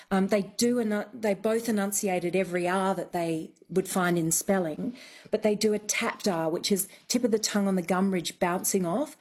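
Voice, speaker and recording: A woman's voice: mid-range voice, darkish tone. A woman dialect coach explaining methodically in a radio conversation.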